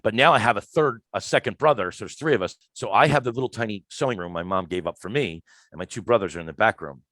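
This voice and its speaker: A man, a podcast guest telling a story in a lively, emphatic way and acting out the lines of the people in it. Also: lowish voice, fast talker, dry recording. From Philadelphia, USA. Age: 50s. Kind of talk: casual storytelling.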